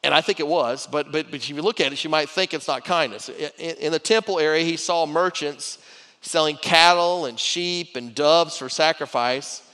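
Bright-voiced man preaching in a reverberant hall. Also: fairly high pitch, moderate pace. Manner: repeats himself and restarts while preaching, conversational. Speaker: pastor. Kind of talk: sermon.

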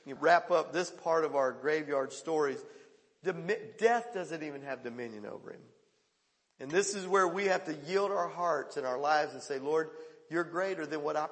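Emphatic preaching man in a reverberant hall. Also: on the high side. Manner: emphatic preaching, swings between loud calls and hushed quotes. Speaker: pastor. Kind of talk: sermon.

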